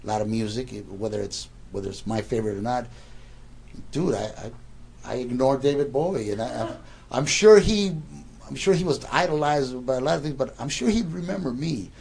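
A man's voice: medium pitch, brisk, creaky, darkish tone, a little hiss or hum. A man in his sixties casually telling a rambling anecdote, stammering and repeating words as he goes.

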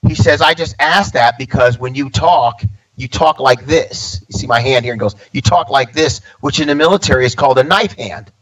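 A man's voice: medium pitch, normal speed, rough recording. Man in his fifties telling a story. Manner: animated storyteller acting out quoted dialogue. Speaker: stand-up comedian guest. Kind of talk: personal storytelling in casual conversation.

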